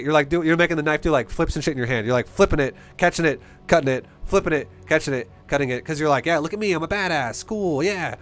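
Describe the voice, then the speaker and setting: A man's voice: a little high, a bit bright. A man coaching a player through a game replay in a casual, blunt, profane and passionate way. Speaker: StarCraft coach.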